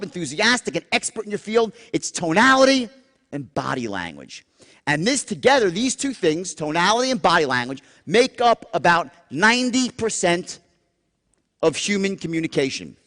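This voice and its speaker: A man giving a live sales seminar, animated and profane, acting out tones and dropping into sudden whispers. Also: sits high. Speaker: sales trainer. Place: large seminar room. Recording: long hall reverb.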